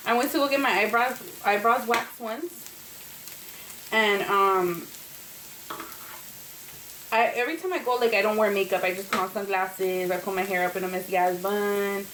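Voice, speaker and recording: A woman's voice: medium pitch, a bit bright. A woman vlogger telling a rambling, profane story while cooking in her kitchen, with food sizzling in the background. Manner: chatty, profane, rambling with many fillers. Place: home kitchen. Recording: echoey kitchen, faint noise. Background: food frying and sizzling.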